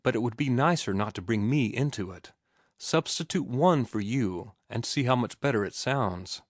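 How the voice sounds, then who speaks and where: A man's voice: medium pitch, expressive, moderate pace, no echo, studio quality, lightly acted. A man voicing a prim, refined young woman correcting grammar. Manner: precise, gently correcting.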